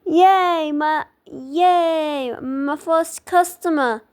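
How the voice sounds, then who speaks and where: A woman's voice: sits high, lively intonation, extremely slow, heavily acted. A woman voicing a bossy little girl pretending to be a fancy hairstylist, in a fake French accent, gushing and calling everyone darling.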